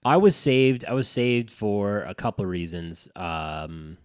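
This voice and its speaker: A man's voice: fairly low pitch, lively intonation, measured pace, clean tone, dry recording, clean studio sound. A man co-hosting a dads' podcast, telling a rambling, profane story in casual chat. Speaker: podcast co-host.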